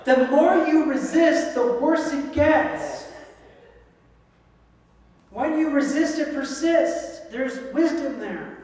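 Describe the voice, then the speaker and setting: A man delivers a sermon with lively humor, acting out the voices of people in his stories. His voice sits high, and he sounds far from the mic, with a long, roomy echo filling the church hall around him. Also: slow, long pauses. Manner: animated, joking, acts out voices in quotes. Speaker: guest speaker.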